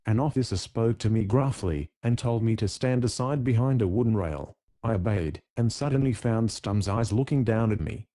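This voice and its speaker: A man narrating a classic adventure audiobook in a measured, even storytelling manner. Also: lowish voice. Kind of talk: scripted narration.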